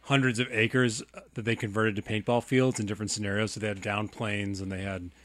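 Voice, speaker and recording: A man's voice: lowish voice, level tone, fairly quick, fairly bright tone. A young man on a podcast, casually telling a rambling story and laughing often. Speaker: podcast co-host. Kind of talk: casual chat.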